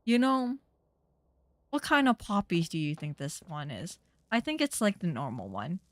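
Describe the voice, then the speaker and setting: A woman's voice: fairly low pitch, big pitch swings, normal speed, no echo. A young woman streamer giving casual, chatty gaming commentary that turns indignant and rambling.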